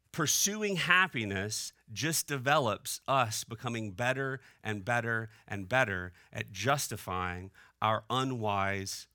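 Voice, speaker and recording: Bright-voiced young man preaching. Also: fairly low pitch, no room sound, studio quality. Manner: conversational preaching, asks the room "right?". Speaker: pastor. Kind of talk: sermon. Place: church hall.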